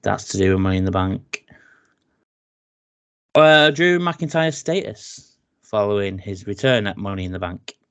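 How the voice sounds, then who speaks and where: An English man hosting a casual wrestling podcast, reading news out loud with plenty of "uh"s and restarts. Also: lowish voice, expressive, a little slow, pauses often, smooth. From England. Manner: reads news aloud with fillers and restarts. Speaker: podcast host.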